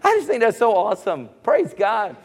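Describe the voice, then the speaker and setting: A man preaching a lively sermon in a church. His voice sits high for a man, and it rings with a long hall reverb. He jokes with the people in the pews and builds up to shouts. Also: normal speed. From South Carolina. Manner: animated, jokes with the congregation, rises to shouts. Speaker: pastor. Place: church sanctuary.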